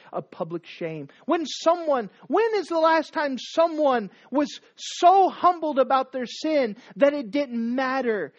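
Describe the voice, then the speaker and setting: A man preaching a sermon, swinging between hushed lines and raised, emphatic ones. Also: sits high, no room sound. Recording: dull dry recording.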